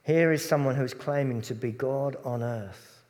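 A man preaching a sermon in a conversational way, sometimes dropping to a soft, hushed voice on tender points. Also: mid-range voice, normal speed, big-room sound.

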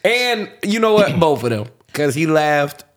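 A man co-hosting a podcast in casual chat, slow and thoughtful, laughing easily, with hiccups. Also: fairly high pitch, sing-song. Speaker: podcast co-host.

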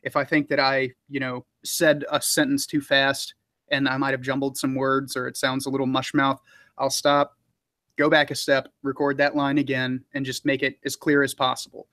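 A man's voice: mid-range voice, moderate pace, no room sound. Male narrator, mid-range voice, easygoing and rambling, dry close-miked sound. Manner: relaxed, rambling, frequent fillers and laughs. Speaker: audiobook narrator. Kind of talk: casual interview talk.

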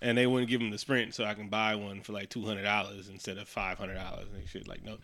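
Bright-toned man in profane movie chat. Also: lowish voice, fast. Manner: profane, animated, acts out characters in quotes. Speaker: co-host. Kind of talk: casual movie recap chat.

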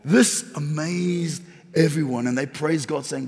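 Male pastor preaching, raspy high voice, repeats lines for emphasis, big reverberant church. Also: a little slow, a little mellow. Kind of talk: sermon. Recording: long reverb of a large hall.

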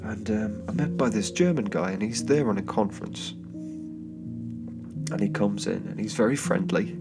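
A man's voice: fairly low pitch, normal speed, vocal fry. A man hosting a solo podcast, telling a travel story in a rambling, casual way with lots of fillers, restarts and chuckling asides. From England. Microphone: home microphone. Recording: guitar bedding music under the voice. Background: soft guitar background music.

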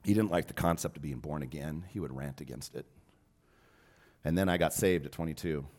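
A man preaching a sermon as pastor, telling a personal story and rising from hushed, tender moments to loud, impassioned appeals. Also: extremely low pitch, a little fast.

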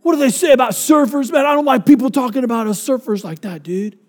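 A preacher voicing a laid-back young surfer dude who drawls and keeps saying "dude". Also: male voice, very high voice, fast, darkish tone, pitched above the performer's own voice. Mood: indignant. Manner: drawling, says "dude" constantly.

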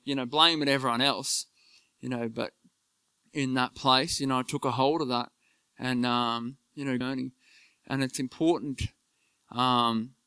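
A man giving an earnest personal faith testimony, halting and full of fillers. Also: mid-range voice, pushed and bright, clean tone, dry recording. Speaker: church member giving testimony.

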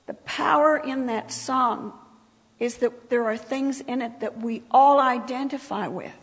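A woman preaches at an unhurried pace, her voice croaky and gravelly with fry. She talks with the congregation in a conversational way, tossing them asides as she goes. The long reverb of a church hall rings around her words. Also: on the high side. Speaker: speaker at a church service. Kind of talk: sermon.

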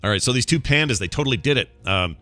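A middle-aged man co-hosting a casual podcast, telling stories and ranting in an animated way. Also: medium pitch, fast, soft background music. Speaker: podcast co-host. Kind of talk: casual chat.

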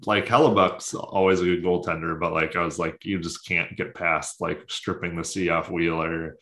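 A man's voice: sits low, fairly even intonation, moderate pace, pushed and bright. A man co-hosting a casual sports chat, rambling with lots of fillers and offhand jokes. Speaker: podcast co-host.

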